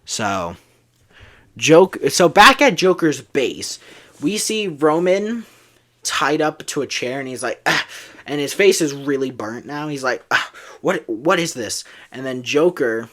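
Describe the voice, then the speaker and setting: A man's voice: medium pitch, lively intonation, measured pace, fairly bright tone. A man casually retelling a made-up movie plot, rambling with many fillers. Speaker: storyteller.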